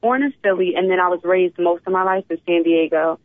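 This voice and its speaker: A woman in her thirties, from Philadelphia, tells her story as an interview guest in an animated, open way. She comes through a tinny, dry phone line with no room sound. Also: lowish voice, a little fast, no room sound. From Philadelphia, USA. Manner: animated storytelling, often starts with "you know what". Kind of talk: casual interview.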